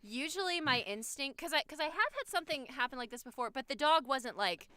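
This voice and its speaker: A young adult woman co-hosting a casual podcast, talking bluntly with lots of swearing and animated storytelling. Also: high voice, a little fast. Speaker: podcast co-host.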